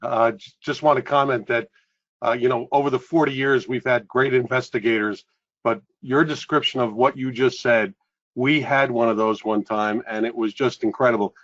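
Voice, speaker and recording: A man's voice: medium pitch, steady tone, moderate pace, fairly bright tone. Man telling an anecdote on a lo-fi call. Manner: conversational storyteller. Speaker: call participant, industry veteran. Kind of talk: casual anecdote on a group call. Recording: dull lo-fi call audio.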